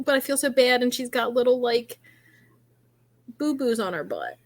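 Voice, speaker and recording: Casual woman, halting mom talk. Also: a little high, lively intonation. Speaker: podcast guest or co-host, mother. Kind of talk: casual chat.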